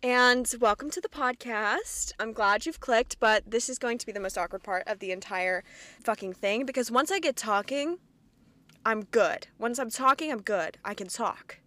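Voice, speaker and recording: A woman's voice: fairly high pitch, moderate pace, a bit bright, no room sound. A woman of twenty from rural Kentucky hosting her own podcast in a rambling, casual monologue, swearing freely and poking fun at herself. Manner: chatty, rambling, frequent swearing, self-deprecating. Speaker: podcast host.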